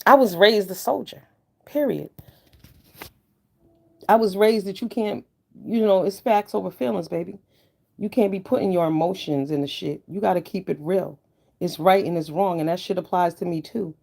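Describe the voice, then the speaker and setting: A woman's voice: normal speed, vocal fry. Blunt, heated woman ranting on camera. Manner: emphatic, swings between low mutters and loud outbursts. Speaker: online commentator. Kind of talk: ranting commentary vlog.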